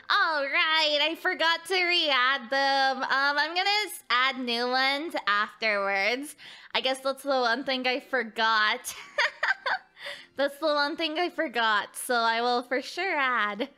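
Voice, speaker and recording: A woman streaming a game, chatting casually with her viewers, giggling often and yelling at the game. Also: high-pitched, slow, soft background music. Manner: giggly, greets chat, yells at the game. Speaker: VTuber streamer. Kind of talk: casual live-stream gaming chat.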